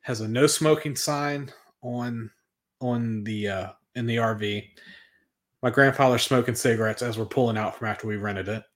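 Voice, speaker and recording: A man's voice: mid-range voice, normal speed. A man in his thirties, guest co-host on a podcast, telling stories in a rambling way with many fillers. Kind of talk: casual podcast chat.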